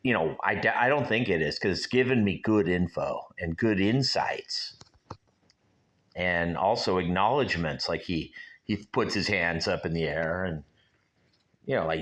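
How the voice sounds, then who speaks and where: A man's voice: sits low, measured pace, a bit bright. A man in his sixties hosting his own show, musing aloud in a rambling, casual way and speaking straight to his viewers. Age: 60s. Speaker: show host. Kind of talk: casual solo vlog chat.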